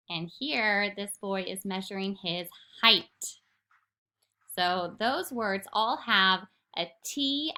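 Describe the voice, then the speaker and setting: Bright, patient woman teaching phonics. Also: mid-range voice. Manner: patient, sounds words out slowly and clearly. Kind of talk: recorded phonics lesson for young children.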